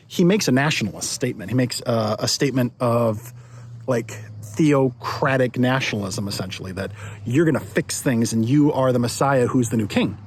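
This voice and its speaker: Guy pastor doing a chatty little devotion, mid-pitched voice, repeats himself and restarts a lot. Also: slight background noise. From United States. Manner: conversational, restarts and repeats words. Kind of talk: devotional talk.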